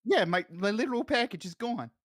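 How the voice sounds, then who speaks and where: A man's voice: high voice, animated, fairly quick, fairly bright tone, no room sound, studio quality. A man playing an eccentric, morbid 84-year-old male caller with a wavering put-on accent, in an improvised comedy bit. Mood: deadpan. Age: 80s. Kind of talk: improvised comedy role-play.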